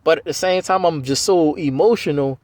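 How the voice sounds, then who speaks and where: A man's voice: on the high side, brisk, darkish tone, dry recording. A man in his forties, a Navy veteran, telling his life story in a loose, rambling way with many "you know"s and restarts.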